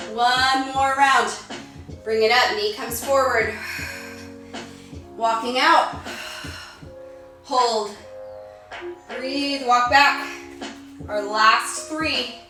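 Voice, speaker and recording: A woman leading a live-streamed yoga class, out of breath, giving brisk cues and counting down the holds. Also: on the high side, sharp tone. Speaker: fitness instructor. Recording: echoey room, far from the mic, music behind. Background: workout music.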